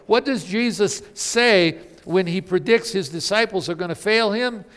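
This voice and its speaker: A man's voice: sits high, a little slow, a bit bright, big-room sound. A man preaching a sermon, emphatic and full of rhetorical questions. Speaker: pastor.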